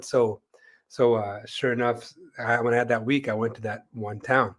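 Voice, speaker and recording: In relaxed conversation on an interview show, the male co-host spins out a long, rambling story, sprinkling in "like" and "you know" and doing the voices of those he quotes. He keeps a steady tone in a mid-range voice at moderate speed.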